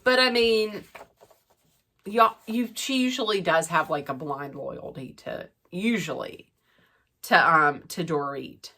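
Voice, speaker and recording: A middle-aged woman chatting through a gossipy, animated recap of a reality show. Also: on the low side, takes it slowly. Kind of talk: casual recap chat.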